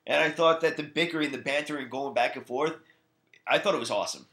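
Easygoing podcast co-host with lots of ums. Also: male voice, fairly high pitch, fast talker, fairly bright tone. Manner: easygoing, many fillers, laughs at jokes. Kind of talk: casual chat about wrestling.

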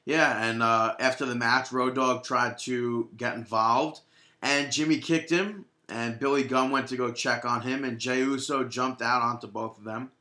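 A man co-hosting a casual wrestling chat, his voice bright and forceful. He teases his friend, cracks jokes and pushes back when he disagrees. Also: medium pitch, fairly even intonation, roomy sound. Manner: joking, teasing, quick to argue. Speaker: podcast co-host.

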